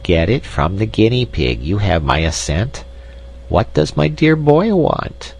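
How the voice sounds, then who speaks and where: A man's voice: fairly low pitch, big pitch swings, measured pace, gravelly, darkish tone, slightly rough, full character voice. A man voicing a lazy, querulous male weasel king in a storybook reading, snappish and whiny. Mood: doting.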